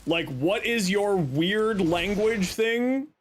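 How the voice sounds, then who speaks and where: Young male streamer, bouncy and high-pitched, loose joking chat at the mic, faint room hum. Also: slow pace. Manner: playful, teasing, joking deadpan bits. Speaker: game streamer chatting with viewers. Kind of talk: casual live-stream chat.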